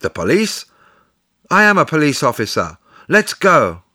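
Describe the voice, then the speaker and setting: Brisk police officer, read by a man, bright tone, storybook reading, somewhat raised voice. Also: on the high side, huge pitch swings, pitched above the performer's own voice, exaggerated voice.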